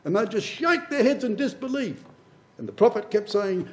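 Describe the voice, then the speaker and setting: A man gives a Bible class as a passionate sermon, building through repeated phrases and calling his listeners brothers and sisters. His high voice has lively intonation and a moderate pace, on a low-quality recording with some hiss or hum.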